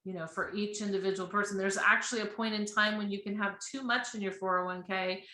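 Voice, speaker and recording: A woman's voice: medium pitch, fairly even intonation, fast talker, pushed and bright. A woman guest talking earnestly and chattily about her work as a financial advisor, laughing readily on a remote live-stream call. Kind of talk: casual interview. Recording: echoey room.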